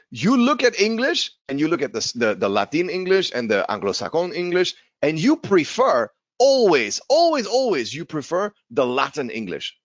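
A male English teacher talks through an informal lesson with a swooping, lively delivery. He repeats his key words and drops in the odd Spanish aside. The recording is dull and lo-fi, with a dry, close sound. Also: mid-range voice, no echo.

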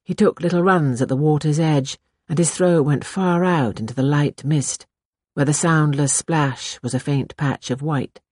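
A woman narrating a novel in the first person, in a measured, intimate reading style. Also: sits low, steady tone, darkish tone, dry recording, studio quality. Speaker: audiobook narrator. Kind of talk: scripted narration.

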